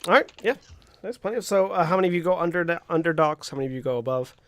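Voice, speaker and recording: A man narrating a tabletop role-playing game as game master, pausing often and searching for words with many fillers. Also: fairly high pitch, expressive.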